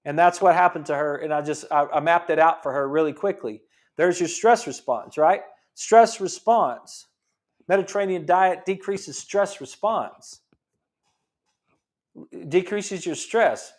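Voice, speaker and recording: A middle-aged man hosts a health talk program and explains in a teaching manner. His voice sits a bit higher than most men's. He presses his points home with frequent restarts and repetitions. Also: normal speed. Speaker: chiropractor show host. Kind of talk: explanatory talk-show monologue.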